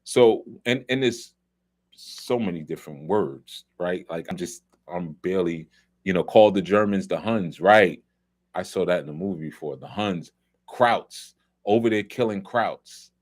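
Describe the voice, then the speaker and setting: Low-voiced man talking casually. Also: measured pace, a little mellow. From New York. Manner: loose and conversational, many restarts and asides. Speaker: host. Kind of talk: casual film commentary talk.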